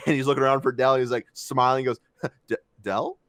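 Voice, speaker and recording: A man's voice: mid-range voice, fast, dry recording. A young man co-hosting a podcast, telling stories animatedly with plenty of swearing. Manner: animated, swearing, emotional storytelling. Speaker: podcast co-host. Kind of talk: casual podcast chat.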